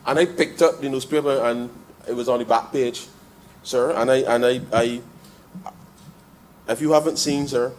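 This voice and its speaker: Barbadian male parliamentarian, middle-pitched voice, desk mic in the chamber, restarts and repeats, punches points hard. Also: steady tone, moderate pace, pauses often, slight background noise. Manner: addresses the chair as "sir" nearly every phrase; repeats and restarts phrases, building to forceful emphasis. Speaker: member of parliament. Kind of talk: parliamentary debate speech.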